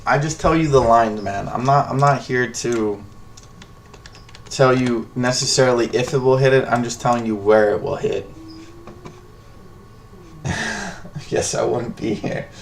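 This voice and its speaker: A man's voice: mid-range voice, normal speed, gravelly, slight background noise. A man hosting a live stock trading stream, joking loosely and thinking aloud as he reads the charts. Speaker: stock trading livestream host. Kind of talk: casual live trading commentary.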